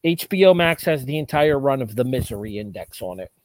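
A man's voice: medium pitch, very animated, a little fast, dry recording. A man hosting a podcast in casual chat, wry and steering the talk along. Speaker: podcast host.

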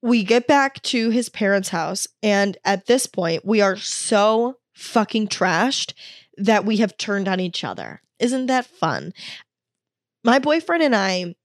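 A woman's voice: medium pitch, big pitch swings, slow pace, dry recording. Young woman vlogger, confessional and candid, swears freely, dry close sound. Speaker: wellness vlogger. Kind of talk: confessional storytelling.

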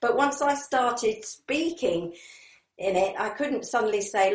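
A woman's voice: mid-range voice, a little slow, reverberant. A woman from southern England, an actress guest telling rambling stories in an interview, with many ums and asides. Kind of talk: anecdotal interview chat.

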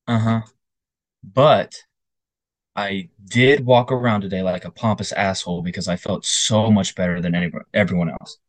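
A man's voice: low voice, normal speed, dry recording. A young man co-hosting a casual podcast, telling stories with animation and acting out other people's voices. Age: young adult. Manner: animated storyteller, puts on voices. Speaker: podcast co-host. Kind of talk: casual chat.

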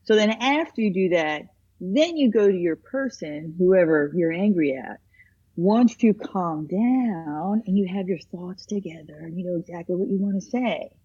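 Woman, therapist, casual chat, animated storyteller, husky, lo-fi sound. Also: lowish voice, normal speed. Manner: animated storyteller acting out quoted voices.

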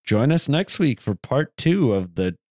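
A man's voice: mid-range voice, big pitch swings, a little slow, a little mellow, dry recording, clean studio sound. Blunt, joking male podcast co-host. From American South. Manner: blunt, joking, profane banter. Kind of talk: casual chat.

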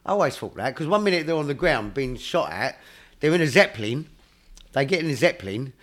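A man chats casually about a film at an ordinary pitch. He livens his retelling by acting out characters' lines and sound effects. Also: sing-song, fairly quick, fairly bright tone.

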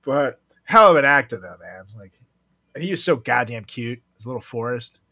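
A man's voice: mid-range voice, big pitch swings, moderate pace, bright, forceful tone. A man co-hosting a casual podcast chat, joking crudely and laughing often. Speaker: podcast co-host.

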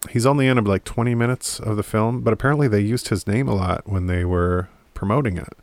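Deep-voiced guy rambling about old movies at home, dry sound, jokey and crude. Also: fairly quick, darkish tone, dry recording. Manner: rambling, irreverent, laughs often, swears casually. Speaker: movie commentator. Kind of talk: casual movie chat to camera. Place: home room in front of a DVD rack.

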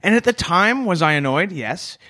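A man's voice: high-pitched, expressive, moderate pace, sharp tone, no echo, studio quality. A man co-hosting a comedy podcast, telling absurd stories with a straight face. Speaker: podcast co-host.

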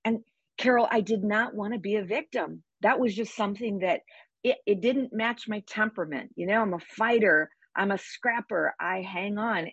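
A woman guest on a podcast interview, talking in an energetic, emphatic, plainspoken way with vivid sayings. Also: mid-range voice, breathy edge, no echo, lo-fi sound. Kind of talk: conversational interview.

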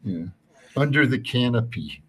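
A man's voice: medium pitch, expressive, unhurried, fairly bright tone, slightly rough. A man in his seventies, a guest on a podcast, chatting easily and often repeating himself. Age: 70s. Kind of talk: casual chat.

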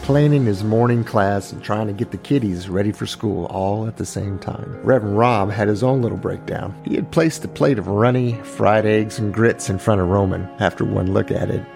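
A man narrating a true crime family story as a podcast host, unhurried and pausing, now and then voicing the people in it. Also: on the low side, vocal fry, a little mellow, soft background music.

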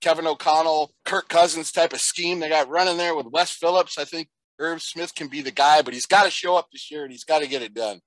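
Bright-voiced man talking football picks. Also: on the high side, steady tone, brisk, no room sound. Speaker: sports show co-host. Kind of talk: casual sports talk.

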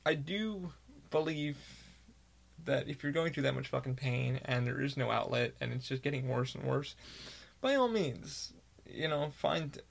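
Gravelly, candid man ranting casually. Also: medium pitch, expressive, measured pace. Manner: candid, rambling, heavy swearing. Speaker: podcast host. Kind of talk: casual monologue.

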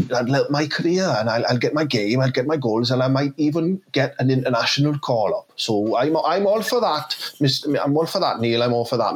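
A man's voice: medium pitch, natural voice. A man playing a frustrated young Welsh footballer who stammers and repeats his words, in a comedy sketch impression. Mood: eager.

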